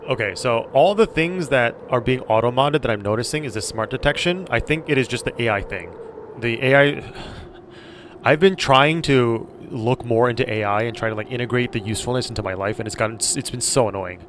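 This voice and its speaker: A man's voice: mid-range voice, fairly quick, a bit bright, slight background noise. A man streaming a game, chatting casually with viewers and laughing mid-sentence. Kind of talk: casual live-stream chat.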